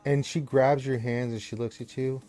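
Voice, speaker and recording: A man's voice: mid-range voice, fairly even intonation, moderate pace, warm tone. A man narrating as game master of a tabletop game in a loose, conversational way with fillers.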